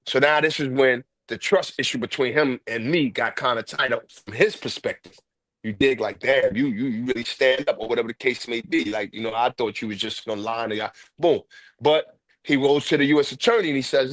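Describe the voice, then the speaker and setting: A man's voice: medium pitch, fairly quick, a bit bright, no echo. A man with a New York accent telling a story in casual chat, with a harsh, aggressive way of talking. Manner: harsh, aggressive street talk. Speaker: host.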